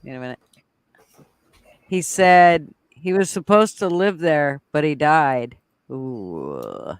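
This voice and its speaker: A man's voice: on the high side, no echo. A man co-hosting a casual chat who reads out viewer comments and tells his own story. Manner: slow, clear, reacts with short affirmations. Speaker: podcast co-host.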